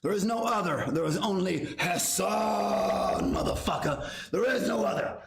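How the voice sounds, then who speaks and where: A young man hosting a livestream from his garage, loud and profane, shouting out names from chat. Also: high-pitched, unhurried, vocal fry. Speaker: livestream host. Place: home garage. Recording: roomy garage echo.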